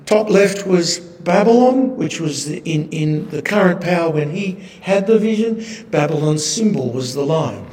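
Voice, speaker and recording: A man's voice: on the high side, lively intonation, unhurried, hardly any pauses, a little mellow. A man teaching a sermon from slides, talking in a wry way with rhetorical tag questions. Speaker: Bible teacher. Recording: echoey hall.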